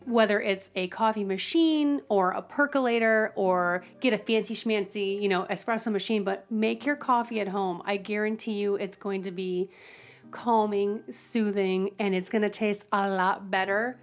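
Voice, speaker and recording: A woman, a guest barista, talking earnestly and telling stories in a relaxed interview. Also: medium pitch, moderate pace. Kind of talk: casual interview.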